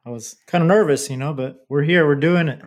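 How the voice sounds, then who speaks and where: A man who is a podcast guest, talking in an eager, excited way in casual chat. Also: a little high, fairly quick.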